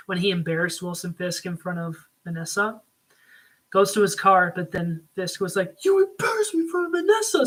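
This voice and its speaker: A man talking casually at home, reviewing a TV series in a rambling, excitable way with lots of fillers. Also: sits high. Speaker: video reviewer. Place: home room.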